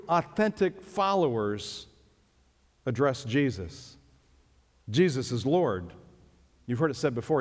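A man preaching a sermon as pastor, emphatic and leaping up in pitch on key phrases. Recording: long reverb of a hall.

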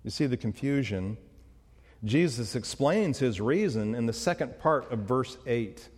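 Guy preaching a sermon, really expressive up and down, emphatic, big echoey church hall. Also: medium pitch, a little slow. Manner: emphatic, asks rhetorical questions. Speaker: pastor. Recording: long hall reverb.

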